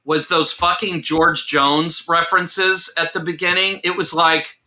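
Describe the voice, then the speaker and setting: A man talking as a guest screenwriter in a casual film discussion, animated and incredulous, with some swearing. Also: a little high, unhurried.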